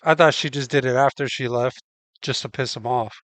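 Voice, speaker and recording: A man's voice: medium pitch, steady tone, a little fast, a bit bright, dry recording. A man hosting a reaction show, cutting in with blunt, crude comments.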